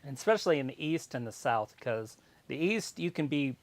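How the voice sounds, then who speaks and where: Gravelly man chatting casually. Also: mid-range voice, animated, fairly quick. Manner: casual, swears, explains in a rambling way. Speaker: co-host. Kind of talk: casual livestream chat.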